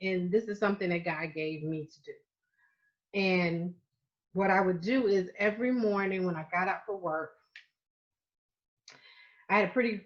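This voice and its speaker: A middle-aged woman from Florida with a Southern US accent, giving an earnest, repetitive masterclass talk as a life coach, slowing down to stress key phrases. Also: on the low side. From Florida, United States. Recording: slightly muffled, dull audio.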